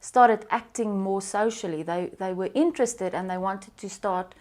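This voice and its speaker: A woman's voice: mid-range voice, normal speed, a little mellow. A woman in a mid-range voice speaks as an interviewer. She listens attentively and comments conversationally from her work as a children's therapist. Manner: attentive, brief affirming replies.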